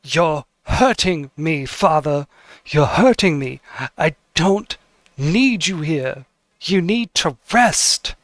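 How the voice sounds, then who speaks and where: A man's voice: a little high, expressive, slow, no echo. A man playing a defiant young woman artificer. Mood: pleading. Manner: shouting, bitter, pleading. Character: young woman artificer, sick, defiant toward her father.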